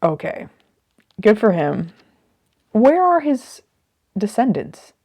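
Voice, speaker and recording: A host offers loose, rambling reflections on the book she's reading, working through ideas out loud. Her mid-range voice swings widely in pitch and moves slowly. The sound is lo-fi, though echo-free.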